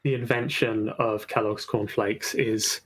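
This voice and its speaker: A man's voice: lowish voice, fairly even intonation, unhurried, fairly bright tone. A man who greets his stream chat and tells rambling, jokey stories full of restarts. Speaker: streamer and player.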